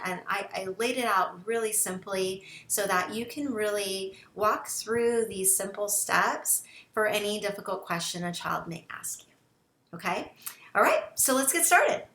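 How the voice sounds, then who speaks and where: A woman's voice: medium pitch, fairly bright tone, reverberant. A woman teaching parents in an encouraging instructional talk, often checking in with the listener. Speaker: parent educator.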